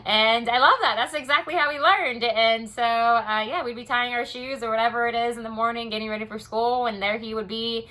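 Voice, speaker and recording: A woman's voice: fairly high pitch, steady tone, a little fast, few pauses, bright, forceful tone. A young American woman talking casually in a personal diary vlog, rambling with many "you know" and "um" fillers. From United States. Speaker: vlogger.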